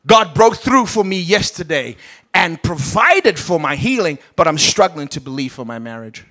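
A man's voice: on the high side, very animated, moderate pace, bright, forceful tone. A man preaching a sermon with a British accent, acting out the Bible characters as he goes. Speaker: pastor.

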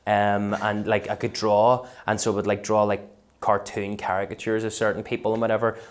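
Man, Belfast accent, comedian, low voice, lively storyteller, casual interview. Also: brisk. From West Belfast, Northern Ireland. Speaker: comedian, podcast guest.

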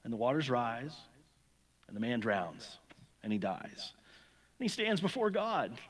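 A man's voice: mid-range voice, very animated, unhurried, slightly rough. A man preaching an earnest, emphatic sermon that weaves in an illustrative story. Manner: earnest, emphatic, repeats words. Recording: long hall reverb.

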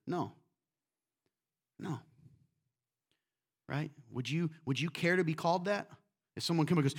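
Man, pastor, church sermon, animated, acts out quotes, slightly high pitch. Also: fairly quick, long pauses.

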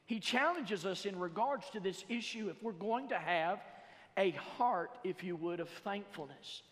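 A man preaching a sermon in a church, reading scripture slowly and building to loud emphatic passages. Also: high-pitched, lively intonation, in a large hall. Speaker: pastor. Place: church sanctuary.

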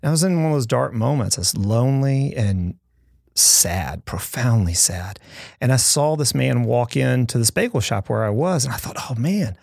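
Pastor guy with a gravelly voice telling heartfelt stories, super dry close sound. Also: mid-range voice, lively intonation, normal speed, a little mellow, dry recording. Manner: earnest storytelling, heartfelt and emphatic. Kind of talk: conversational podcast talk.

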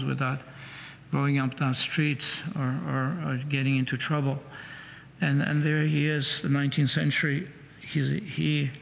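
Gravelly preacher in a reverberant hall. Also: male voice, medium pitch, a little hiss or hum. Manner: conversational, repetitive restarts. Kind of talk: sermon. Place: church. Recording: long reverb in a church, faint ambience.

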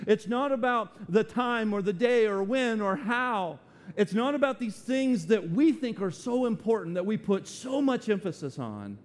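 A male pastor preaching in his church, his voice pitched high for a man. He talks with urgent emphasis, doubling back on words and restarting lines to drive home a point. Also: lively intonation, unhurried, a little hiss or hum. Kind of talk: sermon. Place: church with rain outside.

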